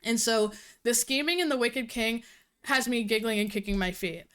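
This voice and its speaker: A woman livestreaming casual chat with her viewers, talking fast and cursing freely, a little out of breath. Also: fairly high pitch, fairly bright tone. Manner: fast-talking, profane, giggly. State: slightly out of breath. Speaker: livestreamer reviewing books.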